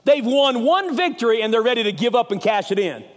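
A man preaching a sermon as an evangelist, with a Southern US accent, telling stories with passion and swinging from loud to hushed. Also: very high voice, animated, brisk, in a large hall.

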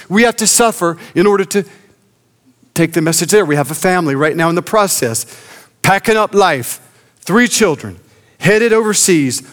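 A man preaching a sermon as pastor, earnest, slowing and dropping his voice low for emphasis. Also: fairly bright tone.

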